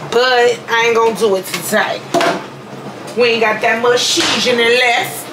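A young woman vlogs while making dinner in her kitchen, talking in a loose, playful way and calling her viewers y'all. Her voice sits fairly high and sounds tired and a little worn. Kitchen and household noise comes through clearly behind her. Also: steady tone, measured pace. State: sleepy, voice a bit worn. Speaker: vlogger. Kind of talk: casual cooking vlog. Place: home kitchen.

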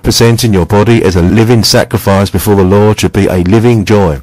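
A man preaching a scripted sermon, reading scripture quotes in a measured, steady devotional way. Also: lowish voice, no echo, low-quality recording.

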